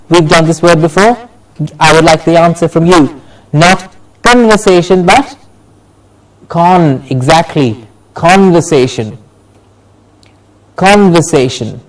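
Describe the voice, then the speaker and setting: Slow, deliberate male pronunciation teacher. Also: on the high side, far from the mic, low-quality recording. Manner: slow, deliberate, repeats words with exaggerated stress. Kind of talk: pronunciation drill lesson.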